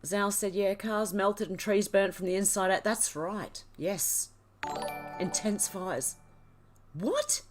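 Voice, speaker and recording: A woman's voice: mid-range voice, takes it slowly, soft background music. A woman hosting a livestream, emotional and crying as she reads viewer comments aloud in casual chat. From Australia. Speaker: livestream host.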